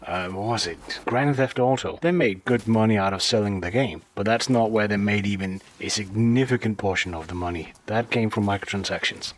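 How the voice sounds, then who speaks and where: A man's voice: lowish voice, a little fast, hardly any pauses. A man co-hosting a casual podcast with dry, wry humor. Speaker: podcast co-host.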